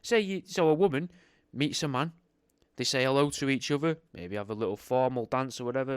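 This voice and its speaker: A man's voice: medium pitch, a little fast, clean tone, no room sound. A young man reading an old etiquette book aloud, breaking off into rambling, sweary, sarcastic commentary.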